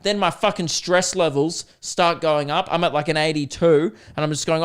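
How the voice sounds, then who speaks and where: A young man hosts a podcast in a comic rant. His voice sits a touch high for a man, and he swears constantly, laughs often and keeps jumping into loud, exasperated outbursts. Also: moderate pace, hardly any pauses, clean tone. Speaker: podcast host. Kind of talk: comedic rant.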